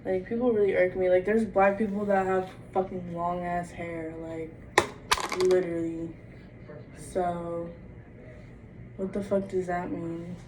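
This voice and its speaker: A woman's voice: fairly low pitch, little pitch movement, a little slow, long pauses. A young adult woman vlogging in a casual monologue, blunt and profane, with "like" in nearly every phrase. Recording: distant mic with faint background noise.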